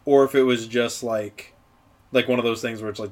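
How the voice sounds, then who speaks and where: A man's voice: medium pitch, fairly quick. A man co-hosting a casual show, telling the plot eagerly and acting out the characters' lines. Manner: animated, acts out quotes with sudden jumps. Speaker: podcast co-host. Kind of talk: casual recap chat.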